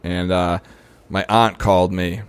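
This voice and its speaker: A man's voice: low voice, fairly even intonation, unhurried, clean tone. A young adult man, telling his recovery story in casual talk, full of "you know" and "right?". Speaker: podcast guest.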